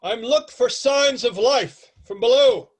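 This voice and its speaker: Stern, booming airship captain barking orders from the deck, put on by a male game master. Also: slow pace, slightly rough, full character voice. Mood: commanding. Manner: grandiose, booming commands.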